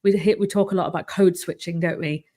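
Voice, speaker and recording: A woman hosting a relaxed interview, talking in a fairly low voice with a mild northern English accent. Her delivery is loose and chatty, full of "you know"s and restarts. She comes through a video-call connection. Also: fast talker. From England, Manchester. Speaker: host. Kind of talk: casual interview chat.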